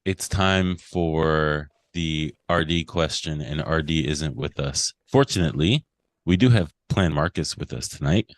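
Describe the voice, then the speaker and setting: Give me a man with an extremely deep voice hosting a casual stream, steady and moderating. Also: a little slow. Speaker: show host.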